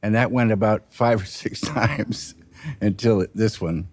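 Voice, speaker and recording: Slow, halting man reflecting on directing. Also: lowish voice, a little mellow, no echo. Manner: halting, unhurried, trailing off and restarting. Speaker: film director. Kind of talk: reflective interview talk.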